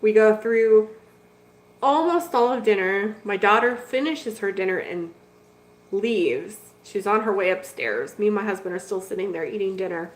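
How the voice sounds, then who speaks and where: In an echoey room, a middle-aged woman who hosts a betta fish channel chats casually with viewers while telling a story, laughing often. Her voice is medium in pitch and animated, at a normal speed.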